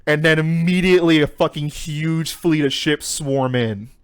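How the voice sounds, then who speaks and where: A man's voice: a little high, moderate pace, clean tone. A young man co-hosting a podcast, retelling a story in casual chat with lots of swearing and fillers. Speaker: podcast co-host.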